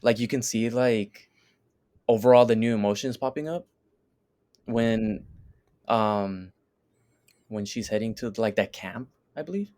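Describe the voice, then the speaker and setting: A man's voice: lowish voice, a little slow, long pauses, darkish tone. A man co-hosting a podcast in casual chat, retelling scenes in a loose, rambling way full of fillers. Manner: rambling, filler-heavy storytelling. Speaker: podcast co-host.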